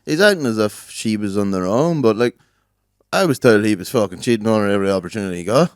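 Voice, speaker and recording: An Irish man co-hosting a podcast, telling stories in a laid-back, low-key way with plenty of swearing. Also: lively intonation, fast, smooth, dry recording, studio quality. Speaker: podcast co-host. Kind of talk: casual chat.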